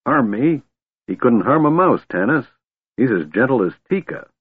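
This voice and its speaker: A man voicing a gruff, fond old male dwarf warrior whose strength is fading, in a storybook reading. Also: medium pitch, big pitch swings, normal speed, dry recording, voice pushed up. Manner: grumbling, affectionate. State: weak, fading. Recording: dry thin phone-like audio.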